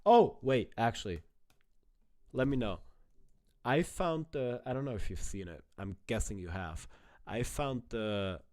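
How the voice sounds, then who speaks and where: A man's voice: lowish voice, lively intonation, unhurried, long pauses. A man casually reacting to a video clip, chatting and swearing freely as he talks to his viewers.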